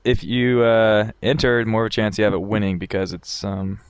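A man co-hosting a casual podcast, chiming in with jokes and quick remarks. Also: on the low side, steady tone, clear, resonant tone, no room sound. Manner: joking, quick interjections. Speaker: podcast co-host.

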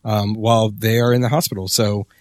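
A man hosting a podcast in a relaxed, casual chat, laughing often. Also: fairly low pitch, a little fast, no echo, clean studio sound. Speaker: podcast host.

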